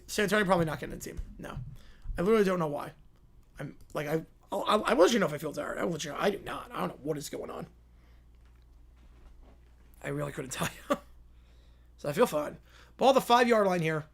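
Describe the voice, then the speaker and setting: A man with a fairly high voice and vocal fry hosts a live stream calling football play-by-play and answering viewer questions between plays. On big plays he rises and slows into excited calls, then drops to quiet asides when answering chat.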